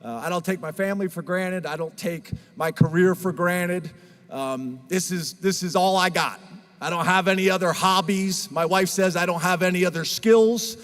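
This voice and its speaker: A man's voice: high-pitched, moderate pace, a bit bright, big-room sound. A man speaking as head coach at a press conference, earnest and emotional, with frequent fillers and restarts.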